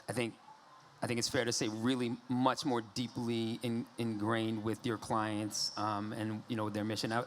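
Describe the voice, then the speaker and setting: A man's voice: medium pitch, slight background noise. Jokey man moderating a panel. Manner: jokey and relaxed, with many fillers. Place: conference stage.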